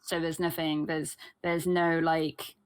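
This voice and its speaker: A woman's voice: deep voice, little pitch movement, takes it slowly, clear, resonant tone. A woman playing a tabletop game, asking questions with many fillers. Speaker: player. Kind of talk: casual chat.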